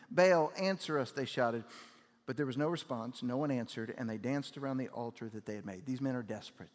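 A man preaching a sermon as pastor, conversational with fillers, swinging from loud emphatic peaks down to low, quiet lines. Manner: conversational, with "like" fillers and audience questions. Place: church auditorium. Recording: long hall reverb.

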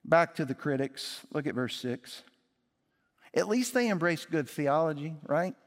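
A man's voice: fairly high pitch, lively intonation, a little slow. Male pastor preaching in a reverberant hall. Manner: emphatic, rising and dropping for effect. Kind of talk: sermon. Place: church sanctuary. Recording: long reverb of a large hall.

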